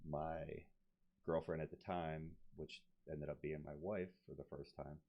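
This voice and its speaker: A man's voice: extremely low pitch, measured pace. A man telling a story in casual podcast talk, swearing freely and acting out the people he quotes. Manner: profane, animated, acts out quoted voices. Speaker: guest. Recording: dull lo-fi podcast audio.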